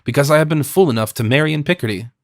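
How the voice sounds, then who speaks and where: A man's voice: a little high, racing, no room sound, clean studio sound, natural voice. A man voicing a cunning, talkative fisherman in his fifties who speaks deferentially but slyly. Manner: chatty, wily and deferential.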